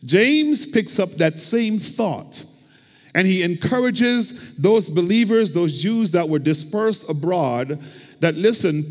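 High-voiced man preaching in a reverberant church. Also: animated, measured pace. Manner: preachy call-and-response, rhythmic repetition. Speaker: pastor. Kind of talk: sermon. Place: church sanctuary. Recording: long hall reverb.

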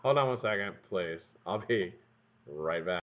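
A man hosts a casual live stream from the workbench in his home workshop, building vape coils and rambling along with plenty of swearing and joking asides to chat. His pitch swings widely, his tone is fairly bright, and he speaks expressively at an unhurried pace. The stream audio comes across dull and lo-fi.

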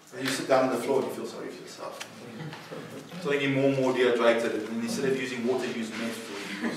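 A man's voice: mid-range voice, fairly even intonation, quick pace, noisy background. A man, a pastor, preaching informally to a group at a recovery centre, laughing often and firing rhetorical questions at the room. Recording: echoey room, voice from far off the mic.

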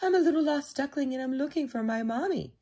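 A woman's voice: animated, fast talker, mellow. A woman voicing a small lost female duckling who pleads for her mother. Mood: pleading. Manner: high squeaky pleading.

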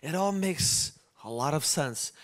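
A man pastor preaching a sermon, repeating his lines and swinging between hushed phrases and shouted ones. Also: on the high side, expressive, a little slow. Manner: swings from quiet to shouting, repetitive preaching cadence.

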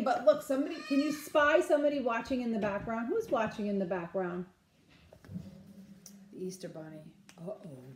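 A woman's voice: fairly high pitch, slight background noise. Teacher lady reading a storybook to little kids, lots of ups and downs, echoey room. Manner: animated, asks children questions. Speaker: nursery school teacher. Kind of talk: reading a picture book aloud to children.

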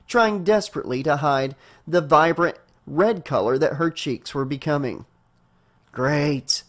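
A man narrating a horror novel as an audiobook reader, with a steady storytelling delivery. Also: fairly high pitch.

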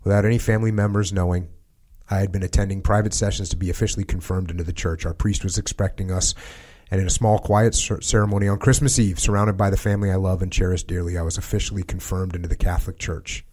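A man hosting a podcast, reading passages from a book aloud in a measured way and adding short spoken asides. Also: low-pitched, steady tone, darkish tone. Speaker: podcast host.

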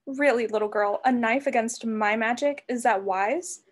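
A vain, sweetly menacing sorceress put on by a woman reading a storybook aloud. She coos and purrs in a honeyed, theatrical way, her voice sitting fairly high. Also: normal speed, natural voice. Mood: cooing, sly.

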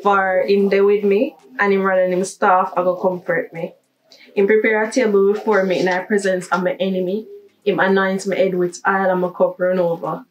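A young Jamaican woman talks in a chatty, upbeat vlog manner, her voice set at an ordinary middle pitch. She sits a little back from the microphone, so it sounds slightly distant. She moves easily between standard English and patois. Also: little pitch movement, normal speed, lo-fi sound. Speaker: vlogger. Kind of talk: casual accent-tag vlog.

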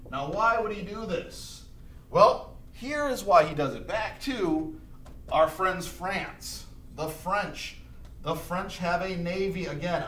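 A man teaching high school history in a casual, chatty lecture, acting out historical figures as he goes. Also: a bit bright, slight background noise. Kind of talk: recorded classroom lecture. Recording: echoey room recording.

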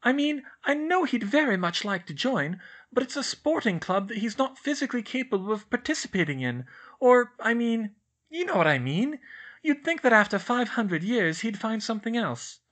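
A man voicing a bright, fussy young teenage schoolgirl who talks briskly and primly in an audiobook. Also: very high-pitched, big pitch swings, pitched above the performer's own voice, heavily acted.

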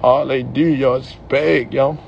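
A man's voice: medium pitch, fairly even intonation, measured pace, creaky, a little mellow, muffled recording, slight background noise. A young man in a heated, profane rant to the camera, ending his lines with "yo". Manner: profane, heated, repeats "yo" at line ends.

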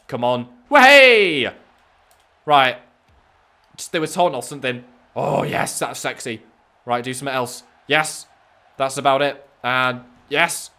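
A young man giving cheeky, excitable live commentary over a wrestling video game, often talking straight at the screen. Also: fairly high pitch. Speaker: gaming YouTuber.

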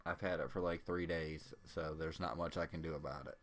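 Male gamer, deep voice, laid-back commentary into a desk mic, hiccuping throughout. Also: a little fast, a little hiss or hum. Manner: relaxed, chatty, with small hiccups between phrases. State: has the hiccups. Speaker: gameplay commentator. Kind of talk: casual game commentary. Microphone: desk microphone.

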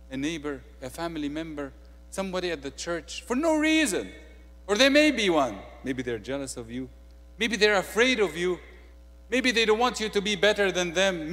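A male preacher with an Egyptian accent delivers a sermon in a slightly raised voice. He shifts between soft, confiding asides and forceful, emphatic declarations. His voice rings with the long reverb of a large church hall. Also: fairly high pitch. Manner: swings from quiet intimate asides to loud emphatic declarations.

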